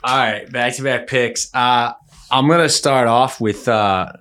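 A man's voice: mid-range voice, measured pace, sharp tone. A man co-hosting a podcast, mocking and swearing in casual banter. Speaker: podcast co-host. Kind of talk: casual chat.

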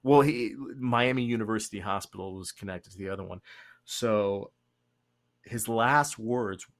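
A young man hosting a casual podcast chat, rambling and joking with quick asides. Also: on the low side. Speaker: podcast host.

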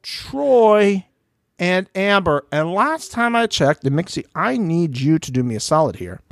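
Recapping a reality show with his podcast co-host, this man swears freely and acts out quotes with lots of animation. He speaks at a measured pace in a high voice. The studio sound is clean, with no room sound.

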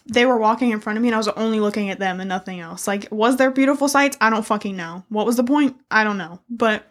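A woman's voice: medium pitch, fast. A woman, co-hosting a podcast and telling a story with lots of laughing and swearing. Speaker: podcast co-host. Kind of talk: casual chat.

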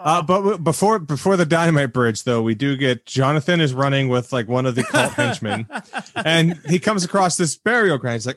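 A man's voice: a little high, expressive, a little fast, fairly bright tone, dry recording, clean studio sound. A man co-hosting a movie podcast, walking through the plot in a chatty way and quizzing the others. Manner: chatty, leads the recap with questions. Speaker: podcast co-host. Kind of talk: casual movie recap chat.

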